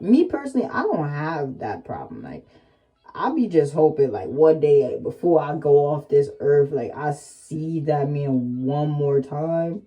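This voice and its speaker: A young woman vlogger chatting candidly in a casual storytime, heavy with slang and fillers, sometimes rising to excited exclamations. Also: sits low, a little slow, faint music behind.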